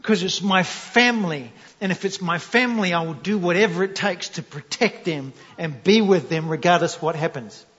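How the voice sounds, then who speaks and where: A man's voice: sits high, moderate pace, hardly any pauses. A man from New Zealand with a New Zealand accent, preaching a sermon as a pastor in a joking storytelling manner and putting questions to the audience. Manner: animated, jokey, asks the audience questions. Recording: echoey hall, dull lo-fi sound.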